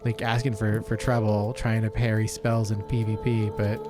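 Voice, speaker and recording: A man's voice: on the low side, normal speed, over music. Laid-back man reading game lore aloud. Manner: relaxed, reads item lore aloud with asides and swearing. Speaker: podcast co-host. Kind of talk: casual let's-play chat, reading item text.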